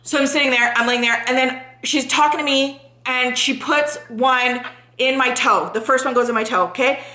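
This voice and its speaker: A high, bright young woman tells her friends a story in a lively, rambling way, swearing freely and rushing her words when nerves kick in. Her voice rings around a roomy, echoey space. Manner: animated, swears freely, talks fast when anxious. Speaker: vlogger.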